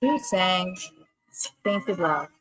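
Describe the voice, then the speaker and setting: A woman's bright, forward, fairly low voice leads a relaxed trivia livestream, with faint music in the background. She chats casually with viewers, reads the options unhurriedly and laughs often.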